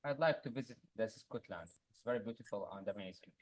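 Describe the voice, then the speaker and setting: A man answering short questions as an English student, halting and simple in his replies. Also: lowish voice.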